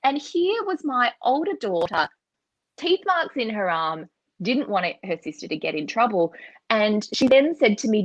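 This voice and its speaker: A woman in her forties tells a lively anecdote, her pitch leaping and falling freely. She breaks into laughter mid-sentence. The sound is close and dry, with no room around it. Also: normal speed, no room sound, muffled recording. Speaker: guest author. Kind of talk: conversational storytelling.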